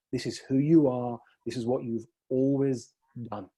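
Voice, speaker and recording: A man's voice: mid-range voice, normal speed, few pauses, dark tone, husky. A man coaching a client one-on-one, reflecting her words back and telling stories to make a point.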